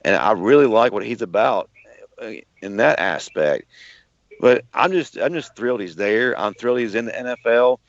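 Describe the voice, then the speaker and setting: A man co-hosting a sports podcast in casual talk, excitable and tripping over his words. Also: fairly low pitch, moderate pace, no echo. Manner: excitable, stumbling restarts. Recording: muffled lo-fi dry sound.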